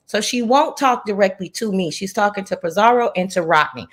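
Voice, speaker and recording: A woman's voice: on the low side, brisk, hardly any pauses, breathy edge. A woman guest recounting online drama in casual chat, blunt and profane, openly irritated. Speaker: guest and live-chat moderator.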